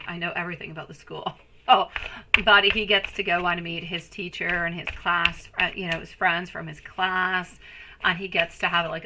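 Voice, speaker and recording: A woman's voice: on the low side, sharp tone, slight background noise, poor audio. A woman in her thirties giving a live tarot reading, chatty and rambling, greeting viewers by name and calling them sweetie and my love. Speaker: tarot reader.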